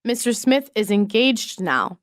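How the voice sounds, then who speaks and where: A woman reading isolated English practice sentences for a lesson, in a measured, even way. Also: medium pitch, no room sound, studio quality.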